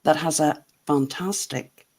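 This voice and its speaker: A woman's voice: sits low, slow pace, breathy edge. A woman from Northern Ireland with a Northern Irish accent, hosting a casual group chat and laughing often. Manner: laughs often, chatty and animated. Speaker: show host.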